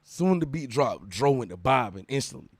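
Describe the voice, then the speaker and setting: A young man, a guest musician, telling an animated story in a casual interview, full of profane street slang. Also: medium pitch, normal speed, slightly rough, no room sound.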